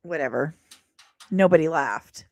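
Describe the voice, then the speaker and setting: A woman's voice: deep voice, lively intonation, a little slow. A woman hosting a casual live stream, chatting to viewers and reading aloud from a post. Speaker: host.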